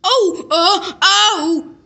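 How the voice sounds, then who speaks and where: A woman's voice: extremely slow, creaky, bright, forceful tone, exaggerated voice. A woman doing a little yelping boy. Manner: high, yelping cries. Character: small frightened boy in the river.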